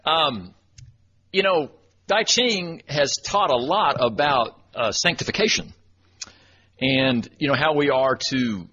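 A man's voice: mid-range voice, lively intonation, slow pace, sharp tone, slightly rough. A man from Texas giving a folksy, self-deprecating storytelling talk at church, chuckling as he goes. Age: 40s. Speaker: church speaker and webmaster. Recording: dull lo-fi recording with faint noise.

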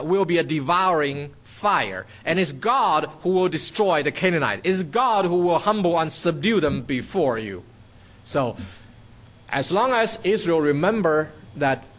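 A man preaching through a Bible passage in a plain teaching manner. His voice sits a little high for a man, and he works through the text with frequent fillers, restarts and a checking "okay". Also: a bit bright. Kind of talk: Bible study sermon.

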